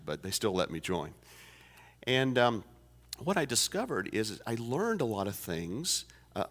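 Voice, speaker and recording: A man's voice: lowish voice, a bit bright. Man telling a folksy sermon story. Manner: folksy anecdotal storytelling with fillers and restarts. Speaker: pastor. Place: church sanctuary. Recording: long church reverb.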